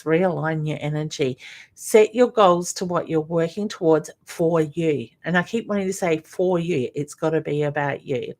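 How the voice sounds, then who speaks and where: Woman, psychic medium on a live stream, lowish voice, affectionate and reassuring, calls everyone honey.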